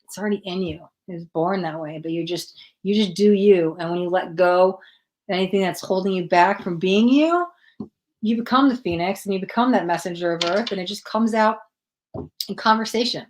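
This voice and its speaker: A woman with a mid-range voice and moderate pace hosts a tarot livestream in a casual, chatty way. She greets viewers by name and laughs at herself when she stumbles over their names.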